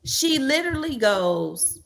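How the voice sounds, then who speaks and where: A woman's voice: sits high, very animated, slow, gravelly. A woman hosting a casual podcast, telling a story in an emphatic, exasperated way. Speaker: podcast host.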